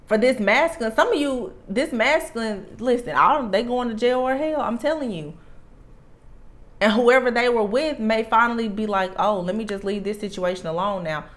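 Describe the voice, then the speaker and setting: A woman with a Southern US accent delivers a tarot reading straight to her viewers. She talks emphatically, circles back to her warnings, and leans on repeated phrases. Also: mid-range voice. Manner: emphatic, repeats warnings, drawls "I'm telling you". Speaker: tarot reader. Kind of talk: channelled tarot reading to camera.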